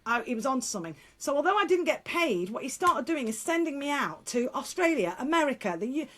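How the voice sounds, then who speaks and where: A middle-aged woman, a guest speaker and former teacher, telling stories in a frank, lively way with laughs and quick restarts. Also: high voice. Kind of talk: casual interview storytelling.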